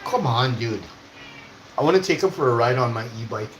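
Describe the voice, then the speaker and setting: A man's voice: medium pitch, expressive, brisk. A young man from Canada who streams, telling a rambling casual story, swearing and acting out quoted voices. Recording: echoey room with faint noise.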